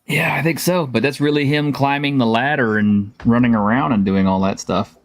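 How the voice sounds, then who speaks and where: A man chatting as a guest on a casual stream, easygoing and relaxed. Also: mid-range voice, moderate pace. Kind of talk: casual chat.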